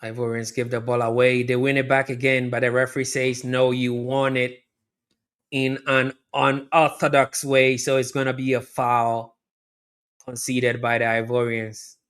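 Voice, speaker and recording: In live match reaction commentary, a man with a clear, resonant, mid-range voice takes an unhurried pace. Chatty and addressing viewers directly, he repeats himself and breaks into loud, excited shouting at near misses.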